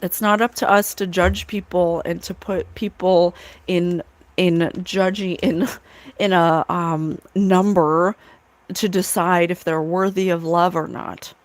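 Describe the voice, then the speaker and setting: A woman's voice: fairly low pitch, steady tone, takes it slowly, no room sound. Earnest woman psychic on a dry mic. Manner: earnest, emphatic, repeats phrases. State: tearful at times. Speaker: psychic livestream host. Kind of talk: spiritual livestream talk to a chat.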